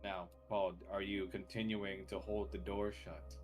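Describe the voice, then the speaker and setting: A man narrates a tabletop game as game master in a relaxed manner. His voice sits on the low side, and he laughs often between the narration. Faint music plays in the background. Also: a little slow.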